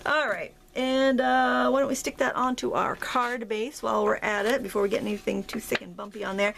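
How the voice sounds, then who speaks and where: Chatty craft-tutorial host, woman with a Maine accent, slightly high, gravelly voice, faint noise behind. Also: fairly even intonation, brisk, a bit bright. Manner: chatty, self-deprecating, thinks aloud while working.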